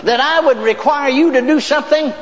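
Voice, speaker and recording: An older man preacher voicing the voice of God as a calm, solemn man asking a question, in an echoey hall on a dull lo-fi recording. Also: very high-pitched, a little fast, pitched above the performer's own voice.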